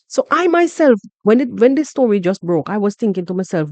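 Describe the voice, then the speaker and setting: A Jamaican woman hosting a podcast, talking through a story in an animated, repetitive way and often asking "you understand?". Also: mid-range voice, fairly quick, dry recording. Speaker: podcast host. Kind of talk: casual commentary monologue.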